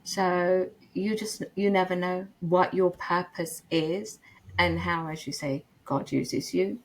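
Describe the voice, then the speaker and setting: A woman's voice: fairly low pitch, steady tone, slow pace. A middle-aged woman telling a personal story in casual chat, laughing often and acting out the voices she quotes.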